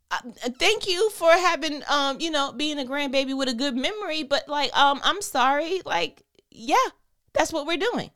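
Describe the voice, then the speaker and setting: A woman hosting a faith podcast, reading a Bible passage and then riffing on it in a playful, slangy, animated way. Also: high voice, moderate pace. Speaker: podcast host. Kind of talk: Bible reading and casual commentary.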